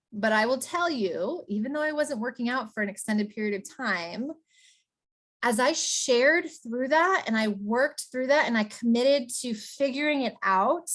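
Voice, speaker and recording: A woman coaching business owners in a casual, energetic motivational talk, chatty and emphatic. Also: on the high side. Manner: energetic, chatty, often asks "right?".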